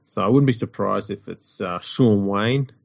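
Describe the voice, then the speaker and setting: Gravelly low-voiced man. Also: moderate pace, no room sound. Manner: rambling, wry, jokey. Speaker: podcast co-host. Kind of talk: casual chat. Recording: dull lo-fi audio.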